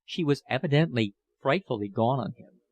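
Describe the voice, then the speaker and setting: A man's voice: mid-range voice, lively intonation, normal speed, a little mellow, no room sound. Man narrating a novel in a dry studio. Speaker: audiobook narrator.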